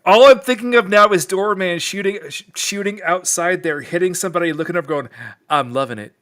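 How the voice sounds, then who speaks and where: A man's voice: high-pitched, a little fast, a bit bright. A man appearing as a podcast guest in casual chat, joking and teasing.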